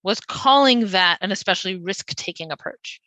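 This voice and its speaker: Female philosopher co-host, bright voice, dry close sound, probing questions, filler-heavy. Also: mid-range voice, lively intonation, normal speed, no echo. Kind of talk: casual intellectual conversation.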